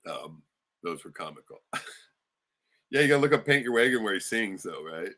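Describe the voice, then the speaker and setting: A man's voice: fairly low pitch, moderate pace. Profane, rambling man on a livestream. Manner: profane, rambling, swings loud and excited. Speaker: livestream host. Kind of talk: casual livestream chat.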